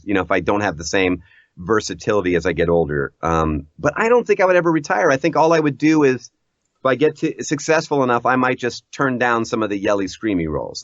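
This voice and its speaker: Lively, low-voiced man with animated delivery. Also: dry recording. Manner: animated, self-deprecating, laughs often. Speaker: voice actor guest. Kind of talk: casual interview chat. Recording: dull lo-fi audio.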